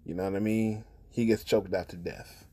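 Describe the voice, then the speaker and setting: Brief: man, lowish voice, profane and indignant commentator, repeats himself for emphasis. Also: fairly even intonation, normal speed, dark tone, a little hiss or hum. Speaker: commentator on news videos. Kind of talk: casual heated commentary.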